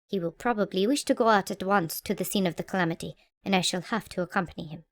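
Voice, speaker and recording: A woman's voice: mid-range voice, lightly acted. Woman voicing a stern old admiral. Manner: brisk and commanding. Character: stern, proud old male naval admiral. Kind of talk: audiobook character voice.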